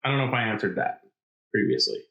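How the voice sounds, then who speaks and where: A man's voice: medium pitch, quick pace, gravelly, muffled recording. A man co-hosting a podcast in casual banter, with dry, absurd jokes. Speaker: podcast co-host. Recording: echoey room.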